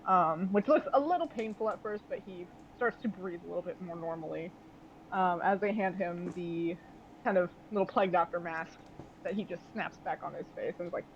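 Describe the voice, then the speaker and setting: A man's voice: high-pitched, a little fast, gravelly, muffled recording, slight background noise. A man narrating as game master of a tabletop game, loose and full of fillers.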